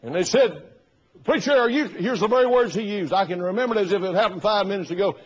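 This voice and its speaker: A man's voice: high voice, quick pace, breathy edge. A male pastor preaching a sermon, telling stories and acting out the people he quotes. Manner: storytelling preacher, acting out quoted voices loudly. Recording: dull lo-fi sermon recording.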